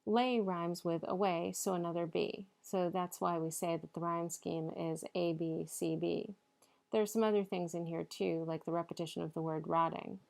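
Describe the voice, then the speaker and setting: A woman's voice: on the low side, fairly even intonation, normal speed, vocal fry, darkish tone. A woman giving a recorded literature lecture, explaining over slides and reading verse aloud in rhythm.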